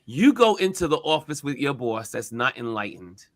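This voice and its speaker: Man, talk show host, lively swooping pitch, bright voice, emphatic. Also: normal speed, no room sound. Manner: animated, emphatic, acts out quotes. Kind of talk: casual talk show discussion.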